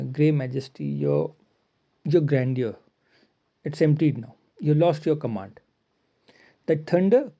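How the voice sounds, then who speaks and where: A man's voice: on the high side, vocal fry, dark tone. A man teaching a poem, reading each verse line and then paraphrasing it in simple words. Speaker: literature teacher. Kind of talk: line-by-line poetry explanation. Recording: dull lo-fi recording.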